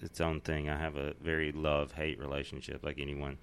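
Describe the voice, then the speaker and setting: Southern male comic, very low voice, relaxed drawl, casual guest chat. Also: a little fast, gravelly, slight background noise. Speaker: comedian guest.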